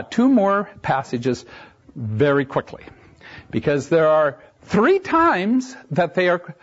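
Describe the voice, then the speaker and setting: A man preaches a Bible sermon in a high, animated voice that swoops up and down. He takes his time, leaning on key words and pausing for brief asides. The recording is dull and lo-fi. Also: breathy edge. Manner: animated preaching with sudden rises and drops in pitch; slow, emphatic delivery with brief asides and restarts.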